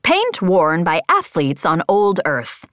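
A woman's voice: fairly low pitch, wildly swooping pitch, slow, fairly bright tone, dry recording, studio quality, heavily acted. A woman voicing a literal-minded male ship AI who speaks in a plain, matter-of-fact way.

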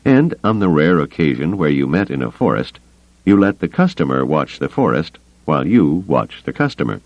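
A man reading an audiobook in a measured, expressive storytelling manner. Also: a bass voice, no echo. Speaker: audiobook narrator. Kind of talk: scripted audiobook narration. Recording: dry, slightly muffled studio recording.

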